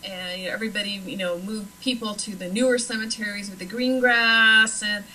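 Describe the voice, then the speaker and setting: Bright chatty lady from nebraska, lots of um and you know, faint hiss. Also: mid-range voice, steady tone, fairly quick, low-quality recording. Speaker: paranormal investigator guest. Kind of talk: casual chat.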